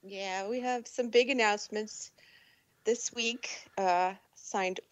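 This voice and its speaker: Woman, radio guest, excitable chatter, dry close sound. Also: mid-range voice, slow pace, no room sound. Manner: chatty, excitable, laughs often. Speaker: radio guest and event organizer. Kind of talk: casual radio chat.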